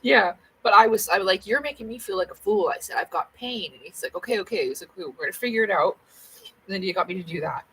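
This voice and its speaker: A woman's voice: mid-range voice, quick pace, bright, forceful tone, a little hiss or hum, low-quality recording. Blunt, rambling woman vlogging. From Canada. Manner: blunt, rambling, swears freely. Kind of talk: casual chat to camera.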